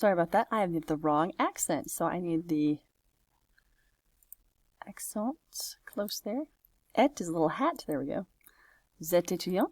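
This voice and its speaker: A woman with a fairly low voice explains French questions one by one, thinking aloud as she clicks through a homework screen. The sound is dry and close, with no room around it. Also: lively intonation, moderate pace, long pauses, a little mellow, no room sound. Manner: talks through each step aloud, patient and chatty. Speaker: French teacher. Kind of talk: screen-recorded homework walkthrough.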